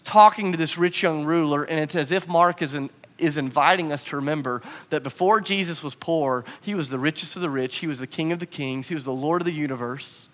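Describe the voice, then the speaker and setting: A man preaching a sermon as pastor, animated in his storytelling and acting out the quotes. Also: a little high, brisk, few pauses, long reverb tail.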